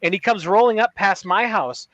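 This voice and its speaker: A man's voice: high voice, normal speed, sharp tone, dry recording, muffled recording. A man in his forties, co-hosting a podcast, chatting casually and profanely, laughing often and slipping into accent impressions. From Upper Peninsula of Michigan. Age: 40s. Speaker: podcast co-host. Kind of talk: casual comedic banter.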